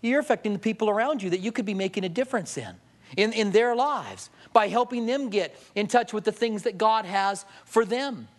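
A male pastor with a high-sitting, brisk voice delivers a sermon. Jokes run through his stories, and he performs quotes with lively flair.

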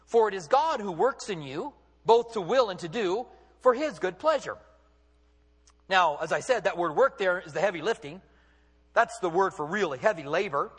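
A high-voiced man preaches a sermon with swooping, lively pitch. He presses his points with rhetorical questions. His voice rings with the long reverb of a large hall. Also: moderate pace, slightly rough. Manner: emphatic, rhetorical questions, acts out quotes. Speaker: pastor.

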